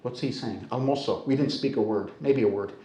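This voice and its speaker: A man's voice: mid-range voice, brisk, dark tone, a little hiss or hum. An older American man telling a humorous personal story to a live audience in a storytelling center, speaking conversationally. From United States. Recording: echoey hall.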